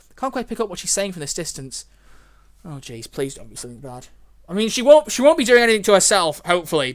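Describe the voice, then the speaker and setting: Over soft game music, a young let's play host reads a visual novel aloud, his voice a little high with a clear, resonant tone. He chats and frets as he reacts to the story.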